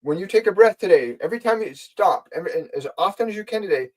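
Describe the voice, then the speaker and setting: A man's voice: sits high, lively intonation, fast, poor audio. A man hosting a live spiritual stream, earnestly guiding viewers and answering their questions, repeating key phrases for emphasis. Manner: gentle, speaks directly to viewers. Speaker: spiritual teacher and channel host.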